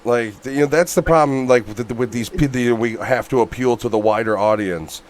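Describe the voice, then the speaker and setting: A man's voice: medium pitch, fairly quick. A man co-hosting a casual movie review podcast who talks bluntly, swears a lot and gets worked up. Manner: blunt, swears often, animated rants. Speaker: podcast co-host.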